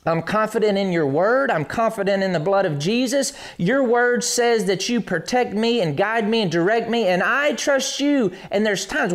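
A preacher delivering a sermon with scripture readings, preaching in an emphatic, repeating cadence, acting out little scenes and chuckling between points. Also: medium pitch. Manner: animated, acts out little scenes and sounds.

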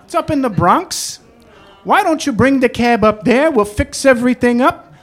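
A man voicing a smooth-talking, wheedling male body shop owner who calls on the phone to cut a shady deal, with chummy fillers. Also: very high-pitched, lively intonation, moderate pace, soft background music, voice pushed up. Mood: dealmaking. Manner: chummy, persuasive, hesitant fillers.

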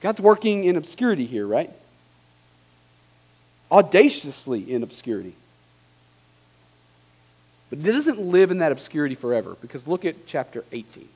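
High-voiced male preacher reading scripture. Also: sing-song, normal speed, pauses often, darkish tone, breathy edge. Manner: reads scripture with dramatic emphasis, rising for quoted lines; asks rhetorical questions with a tag like "right?". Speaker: pastor.

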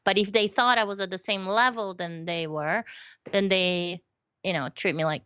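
Woman chatting on a podcast, animated storyteller, kinda lo-fi dry sound. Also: mid-range voice, moderate pace, smooth, no echo. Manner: animated storyteller, acts out quoted voices. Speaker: podcast guest. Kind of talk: casual conversation.

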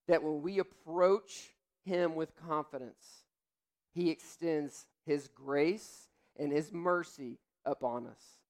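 A man's voice: on the high side, takes it slowly, a little mellow. A young adult man, a pastor, preaching a sermon in a candid, conversational way through personal stories.

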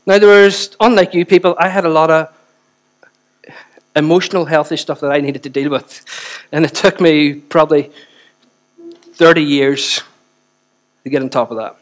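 A man's voice: a little high, fairly even intonation, normal speed, pauses often. A man, preaching a sermon with chatty asides and repeated phrases for emphasis. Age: 40s. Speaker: pastor.

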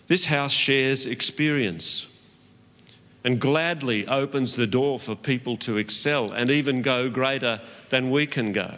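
A man's voice: medium pitch, measured pace, pushed and bright. A man preaching a sermon to his church, earnest, with light laughs and asides to the congregation. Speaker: pastor. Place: church auditorium. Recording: dull church hall recording with long reverb.

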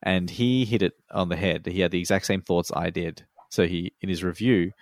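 A man's voice: low voice, steady tone, moderate pace, no room sound, studio quality. A laid-back Australian man in casual chat, swearing freely and laughing often.

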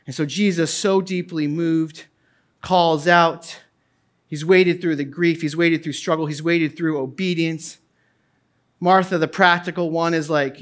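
A man's voice: fairly high pitch, moderate pace. Impassioned male pastor preaching. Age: middle-aged. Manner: impassioned, swings from quiet to loud; casual asides with laughs. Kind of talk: sermon.

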